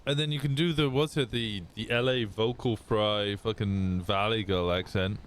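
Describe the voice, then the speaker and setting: A man with a lowish voice chats casually on a live stream, rambling and swearing freely as he thinks aloud. A faint hiss of noise sits under his voice. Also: fairly even intonation, normal speed.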